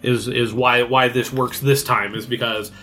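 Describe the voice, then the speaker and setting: Animated man narrating a card game. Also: mid-range voice, normal speed, soft background music. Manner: animated, laughs often, narrates cinematically. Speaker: game master.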